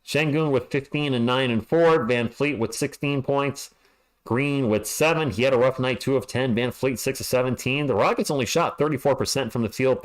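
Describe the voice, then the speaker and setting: Exasperated male fan calling a game. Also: mid-range voice. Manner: exasperated, ranting, stammers when upset. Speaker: fan livestream host giving play-by-play. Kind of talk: fan play-by-play commentary.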